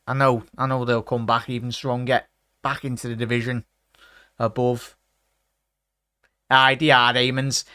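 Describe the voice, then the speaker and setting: A man's voice: mid-range voice, fairly bright tone, no echo, clean studio sound. Chatty man hosting a football livestream. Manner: chatty, greets viewers with "big up" and "mate". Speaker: watchalong livestream host. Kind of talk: casual live chat reading comments.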